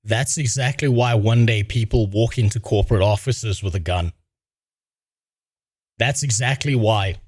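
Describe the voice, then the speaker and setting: A man's voice: medium pitch, dry recording, studio quality. A man in his thirties with a South African accent, telling an exasperated, profane story to his stream chat. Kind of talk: casual ranting to stream chat.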